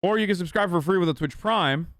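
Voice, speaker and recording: A male streamer in his thirties reacts on a live stream, cursing freely and mocking what he watches. His voice sits a little high and comes through smooth and clear. The sound is dry and close. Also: quick pace, a bit bright, no room sound. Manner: profane, mocking, blunt. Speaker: streamer and political commentator.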